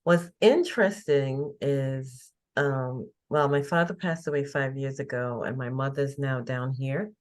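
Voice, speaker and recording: A woman's voice: very deep voice, unhurried, few pauses. A woman in her fifties from England, chatting as an interview guest and telling stories with easy laughs. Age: 50s. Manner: chatty storyteller, laughs easily. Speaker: guest, faith coach. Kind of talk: casual interview chat.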